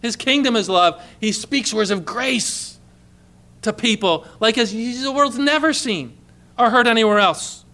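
A man preaching a sermon, emphatic, repeating key phrases and dropping to a hush for quoted lines. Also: extremely high pitch, measured pace.

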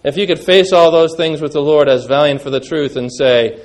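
Male pastor, high voice, emphatic sermon delivery with conversational asides to the congregation. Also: normal speed. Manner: emphatic, rising when quoting scripture, conversational asides to the congregation.

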